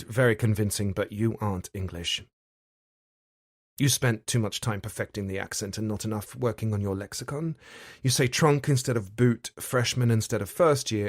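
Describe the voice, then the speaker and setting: A sharp woman who sees through every lie, speaking coolly and analytically with a teasing edge, voiced by a man reading an audiobook. The tone sits slightly low and stays measured as she presses her point. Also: dry recording, studio quality, close to an everyday voice. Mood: probing.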